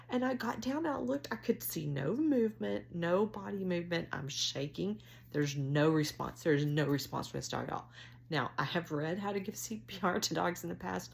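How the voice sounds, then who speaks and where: A middle-aged woman, chatting to camera as she tells a story on herself, with drawn-out, self-mocking phrasing. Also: fairly low pitch, vocal fry. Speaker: vlogger.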